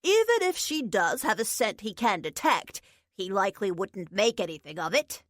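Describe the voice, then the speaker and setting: A woman's voice: medium pitch, very animated, normal speed, no echo. A woman voicing a dry, bored male wizard. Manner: dry and formal.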